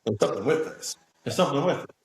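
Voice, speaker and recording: A man in a spiritual interview speaks earnestly and with emphasis. His voice sits at an ordinary middle pitch. The room around him rings with heavy echo. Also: animated, racing. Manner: earnest, emphatic, keeps checking in with "right?". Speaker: guest. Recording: very echoey room.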